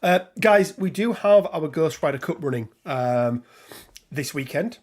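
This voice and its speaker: A man's voice: on the high side, animated, unhurried, a little mellow. Chatty middle-aged man hosting a live stream. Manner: chatty, rambling, reads out viewer names. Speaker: host. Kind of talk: casual live-stream chat.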